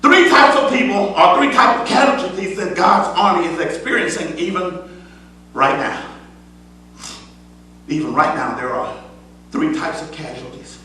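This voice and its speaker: A man with a high, bright voice delivers an emphatic sermon in a church. He hammers his points home with repeated phrases and drops from loud declaiming to quiet asides. He is picked up from a distance in a very echoey sanctuary. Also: lively intonation, measured pace, pauses often. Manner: swings between loud declaiming and soft asides. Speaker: preacher.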